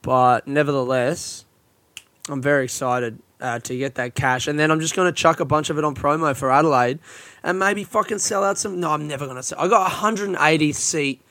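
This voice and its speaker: A man's voice: a little high, fairly quick, sharp tone, dry recording. A young Australian man, a comedian, rambling through a casual solo podcast, tired and yawning, swearing often and running himself down, recorded on a phone in a friend's hot house. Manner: rambling, sweary, self-deprecating.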